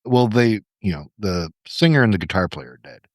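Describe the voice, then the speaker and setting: Male co-host, lowish voice, explainer, enthusiastic and profane; dry recording. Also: expressive, fairly quick, dry recording. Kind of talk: casual chat.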